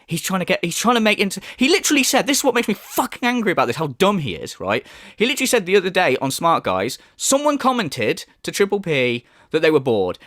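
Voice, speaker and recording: A man's voice: high voice, fairly bright tone, no echo, clean studio sound. Profane, mocking male ranter. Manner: profane, mocking, mimics in sneering voices. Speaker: commentary YouTuber. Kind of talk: ranting commentary.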